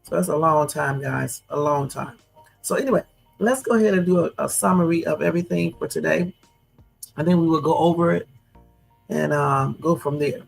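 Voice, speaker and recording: A woman hosts a casual livestream, chatting loosely and addressing her viewers as y'all. Her voice carries a gravelly fry, and faint music plays under her talk. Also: low voice, moderate pace. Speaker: livestream host.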